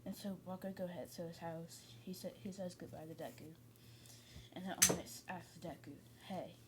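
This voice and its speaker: A woman's voice: fairly low pitch, fairly even intonation, a little fast, heavy background noise. A woman casually retelling a fan story, rambling with many fillers and restarts.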